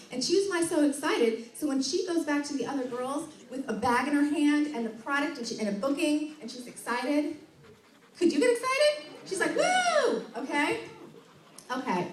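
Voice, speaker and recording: At a normal pace and with an expressive, high voice, a woman delivers an enthusiastic sales training to a group in a meeting room. She acts out customer dialogue and often laughs. The audio is echoey and distant, with slight background noise.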